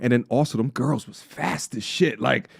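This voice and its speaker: A man in his thirties from Long Island, faint New York accent intact, casually chats through a video reaction on stream. His medium-pitched voice is slightly rough with vocal fry at a moderate pace, and he jokes, uses slang, and breaks into song, recorded studio-clean without echo.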